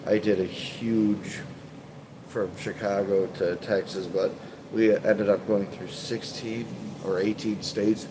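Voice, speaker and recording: A stuffed-up man talks loosely to his live-stream viewers, full of "uh"s, restarts and casual swearing. His voice sits on the low side. A constant hum of air conditioning runs clearly under him. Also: level tone, slow. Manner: rambling, hesitant, many fillers and restarts, swears casually. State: congested, stuffed up. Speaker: urban exploration channel host.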